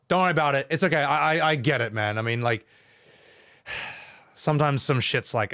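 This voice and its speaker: A man's voice: mid-range voice, moderate pace, pauses often, pushed and bright, clean tone. A young man giving sarcastic, sweary live commentary while streaming a game and reading chat.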